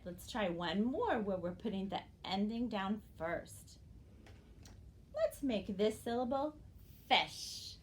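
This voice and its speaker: A woman teaching young children a phonics game, slowly and clearly, encouraging them to repeat words after her. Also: medium pitch, slight background noise. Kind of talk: early-grade phonics lesson.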